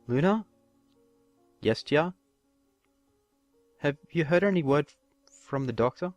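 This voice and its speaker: A man's voice: fairly high pitch, animated, slow pace, dry recording, soft background music, pitched above the performer's own voice. A man voicing a tall female pony princess who is drunk and wailing through her tears. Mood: drowsy. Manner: wailing, weepy and self-pitying.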